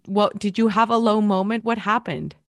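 A woman's voice: medium pitch, no echo, studio quality. Encouraging woman podcast host. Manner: warm, encouraging and chatty, with quick affirmations. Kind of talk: supportive interview conversation.

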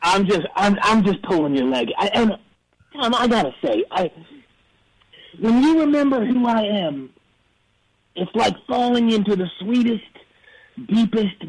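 Man impersonating a husky rambling rock star. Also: sits high, heavily acted, low-quality recording. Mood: earnest boasting. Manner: earnest, rambling absurd boasts. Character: raspy rambling aging male rock star. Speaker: caller. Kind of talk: comedic impression on call-in radio.

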